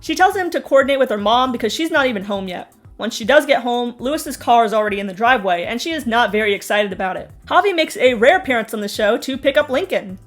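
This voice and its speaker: A young woman with a fairly high voice running through a reality-show recap. Her delivery is sarcastic and full of mocking asides, with faint music under her talk. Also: expressive, fast, few pauses. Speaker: TV recap host.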